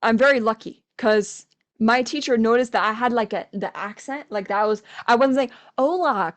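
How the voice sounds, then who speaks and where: A young woman guest on a podcast, chatting casually and telling animated stories with quoted voices. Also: mid-range voice. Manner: animated storytelling, acts out quoted voices, laughs often. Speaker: podcast guest, language coach. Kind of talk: casual conversation.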